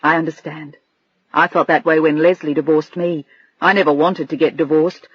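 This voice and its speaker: A narrator voicing a gentle, protective man who speaks calmly and reassuringly. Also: fairly high pitch, moderate pace, breathy edge, no room sound, highs cut off, pitched below the performer's own voice.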